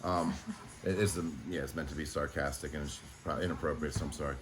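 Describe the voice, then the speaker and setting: Deep-voiced man, fast and frustrated. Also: steady tone. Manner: halting, frustrated, swears often. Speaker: animal sanctuary owner. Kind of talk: emotional vlog monologue.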